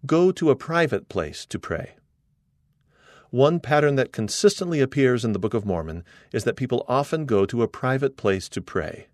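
A middle-aged man reading an article aloud as scripted narration, earnest and measured, quoting scripture. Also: mid-range voice, expressive, darkish tone, no echo, clean studio sound.

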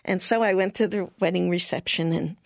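Older woman telling a lively story. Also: fairly low pitch, fairly quick, vocal fry, no echo, studio quality. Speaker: interviewee. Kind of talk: personal storytelling.

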